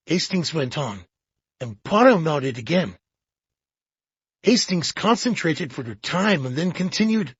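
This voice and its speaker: A slow, measured audiobook narration in a husky voice. The pitch moves in a lively way through the expressive reading. The sound is dry, dull and lo-fi. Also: no room sound. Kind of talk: scripted narration.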